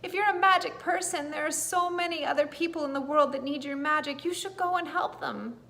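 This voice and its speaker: A woman's voice: sits high, brisk, creaky, bright, forceful tone, pitched above the performer's own voice, exaggerated voice. A woman voicing a young garden flower girl who speaks earnestly and pleads her case in a storybook reading.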